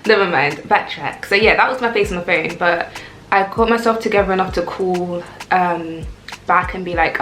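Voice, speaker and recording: A young woman, telling a casual storytime rant in a chatty, animated way. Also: on the low side, moderate pace, a little hiss or hum. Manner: chatty, animated, lots of "like" and "I was like". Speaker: vlogger. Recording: echoey room with faint music.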